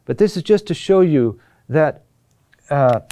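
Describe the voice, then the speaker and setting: A man teaching a recorded lesson on Latin chant, explaining patiently and often checking in with a quick "huh?". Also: a little high, animated, warm tone, clean tone.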